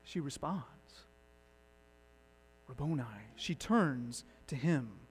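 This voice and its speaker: Pastor, male, higher register, dynamic preacher who drops from punchy to hushed, long church reverb. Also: expressive, takes it slowly, slightly rough. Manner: dynamic, swinging from loud emphatic to hushed. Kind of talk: sermon.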